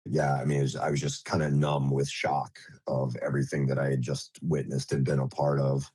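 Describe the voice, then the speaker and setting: A man who is a nurse, recounting an emergency as an interview guest in a halting way, with many fillers and restarts. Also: rumbling low, completely flat delivery, mellow, slightly rough, no room sound.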